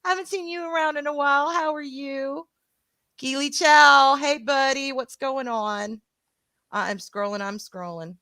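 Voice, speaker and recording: A woman's voice: high voice, unhurried, sharp tone, no room sound. A woman with a Southern US accent, co-hosting a casual livestream and greeting her chat, calling viewers sweetheart and honey with a giggle. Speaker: co-host of a stream.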